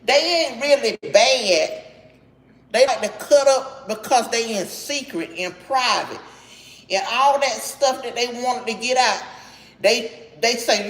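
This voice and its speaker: A woman's voice: fairly high pitch, takes it slowly, a bit bright. Chatty Southern woman in an echoey kitchen. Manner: folksy, chatty, greets viewers by name. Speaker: livestream host. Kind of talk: casual livestream chat with viewers. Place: home kitchen while doing chores. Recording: echoey kitchen with running water.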